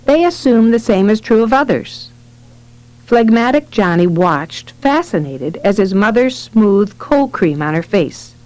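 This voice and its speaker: A woman narrating a nonfiction parenting book in a steady, expressive reading voice. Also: medium pitch, unhurried, dry recording, poor audio. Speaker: audiobook narrator.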